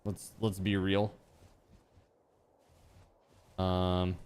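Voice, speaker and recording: Laid-back low-voiced male streamer. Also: monotone, very slow, a little mellow, smooth. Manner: chatty and easygoing, laughs often, talks to chat. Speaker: game streamer. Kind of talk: casual live-stream chat while gaming.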